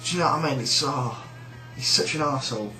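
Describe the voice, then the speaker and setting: British guy having a sweary rambling rant, bright sharp voice, echoey room. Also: medium pitch, quick pace, faint music behind. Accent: British English. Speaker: shop worker. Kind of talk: casual rant.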